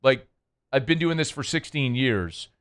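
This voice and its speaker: A man's voice: mid-range voice, expressive, a little slow, smooth. A man hosting a sports radio show, chatting casually in a rambling, playful, self-deprecating way. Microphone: studio microphone.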